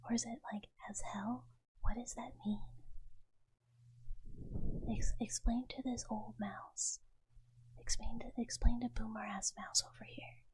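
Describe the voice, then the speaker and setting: A woman's voice: on the high side, little pitch movement, measured pace, long pauses, rough recording. A woman ASMR streamer whispering playfully, chatting and greeting her viewers by name into an ASMR microphone.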